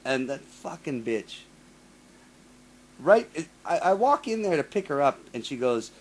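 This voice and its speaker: A podcast host with a fairly high voice speaks at a measured pace over slight background noise during a casual chat. He tells a long, profanity-laden story with plenty of animation, often restarting and repeating himself while mimicking the people involved.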